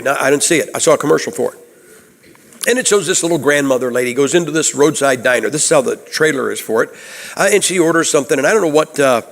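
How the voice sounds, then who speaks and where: An American man preaching a sermon as a guest preacher. He talks in an animated way, firing rhetorical questions at the congregation and acting out the voices of the people he quotes. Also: a little high. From United States. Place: church sanctuary. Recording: long hall reverb.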